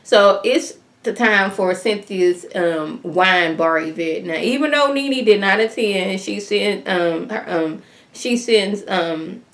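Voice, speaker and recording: A woman talks through a reality show episode in a loose, conversational way. Her voice sits at an ordinary middle pitch. She keeps the story moving with "like" and "um" and slips into other people's lines as she retells them. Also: slow pace, fairly bright tone. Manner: chatty, acts out other people's lines in quotes; leans on fillers like "like" and "um". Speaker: reality TV reviewer. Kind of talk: casual episode recap.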